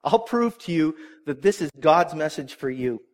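A middle-aged man preaches a sermon in a slightly high voice. He is earnest and animated and often turns to the congregation with asides. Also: moderate pace. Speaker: pastor.

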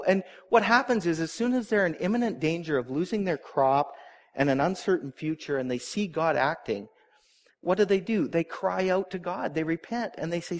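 A middle-aged man preaches a sermon in a slightly high voice. He is earnest and animated and often turns to the congregation with asides. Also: normal speed. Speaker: pastor.

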